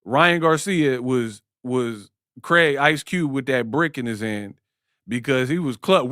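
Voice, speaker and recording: A man's voice: mid-range voice, expressive, slow, a bit bright, clean tone, no room sound, studio quality. A man hosting a live-stream sports talk show. He speaks in slang, jokes, and keeps breaking into impressions. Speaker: host.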